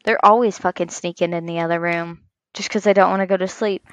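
A woman in her thirties co-hosting a casual chat podcast, telling animated stories about her kids and swearing freely. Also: on the low side, fairly quick, no room sound, poor audio. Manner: swears a lot, animated storytelling. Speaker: podcast co-host.

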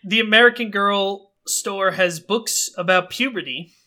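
Bright-voiced, chatty young man. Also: sits high, a little slow. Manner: chatty, self-amused, laughs often. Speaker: podcast co-host. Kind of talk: casual chat.

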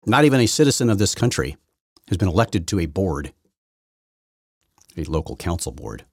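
A man's voice: sits low, sing-song, normal speed, husky, dry recording, clean studio sound. A man hosting a solo political commentary podcast, rambling and combative, often correcting himself mid-sentence. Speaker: podcast host.

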